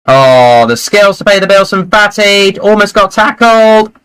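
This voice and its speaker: A man hosting a live football watchalong, chatting and reacting excitedly to the play. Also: high-pitched, unhurried, clean tone, rough recording. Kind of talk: live match commentary and chat.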